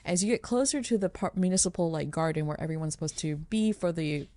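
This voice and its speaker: A woman's voice: fairly low pitch, quick pace, warm tone. A woman narrating as game master of a tabletop role-playing game, chatty and laughing, with many fillers and restarts.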